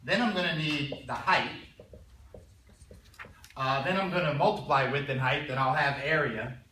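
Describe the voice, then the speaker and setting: A male math teacher lecturing a classroom in a conversational way, often clearing his throat and checking in with his students. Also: a little high, normal speed, bright, forceful tone, a little hiss or hum. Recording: roomy classroom sound from a distance.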